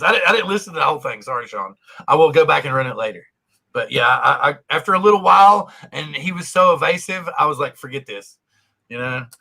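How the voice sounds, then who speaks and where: A man hosts a loose panel chat over a video call, rambling from one thought to the next and laughing often. His voice sits high and sounds bright. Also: gravelly. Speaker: host.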